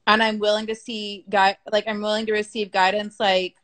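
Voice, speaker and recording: A woman's voice: mid-range voice, level tone, normal speed, fairly bright tone. Chatty woman, frank and casual. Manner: frank, chatty, sprinkled with swearing and "like". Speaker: business coach being interviewed. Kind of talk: casual conversational interview.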